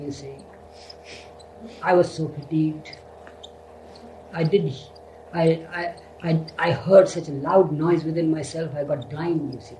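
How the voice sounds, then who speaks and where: Older man reminiscing, halting, in an echoey room. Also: fairly high pitch, creaky, mellow, a little hiss or hum. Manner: halting, repeats words, frequent "you see". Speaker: devotee recounting memories. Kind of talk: reminiscing storytelling.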